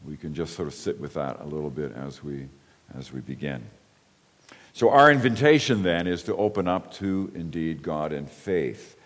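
A man preaching a sermon in a thoughtful, halting way, often pausing to reread a passage aloud. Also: low-pitched, big-room sound. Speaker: pastor.

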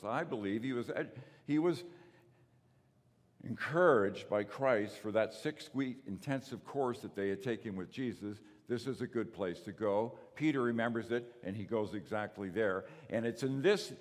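A man preaching a sermon, emphatic, asking rhetorical questions and swinging from loud to soft. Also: mid-range voice. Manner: emphatic, rises and drops in volume, rhetorical questions. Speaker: pastor. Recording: long reverb of a large hall.

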